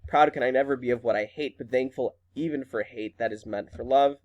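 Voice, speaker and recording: A man reading the verse lines of a defiant young noble daughter in a careful, measured way. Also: medium pitch, darkish tone, muffled recording, natural voice.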